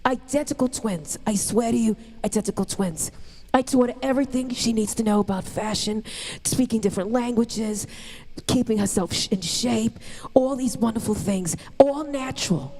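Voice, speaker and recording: A woman impersonating a brash older female celebrity comic who bosses and teases the audience in quick patter. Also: a little high, dark tone, a little hiss or hum, pitched above the performer's own voice, natural voice. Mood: boastful. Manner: bossy, rapid wisecracking patter to the audience. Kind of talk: stand-up impression. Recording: long hall reverb.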